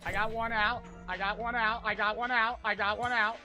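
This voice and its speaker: A man's voice: high voice, little pitch movement, moderate pace, music in the background. Frantic, swearing young male streamer. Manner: loud, frantic, swearing outbursts. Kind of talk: live gameplay commentary.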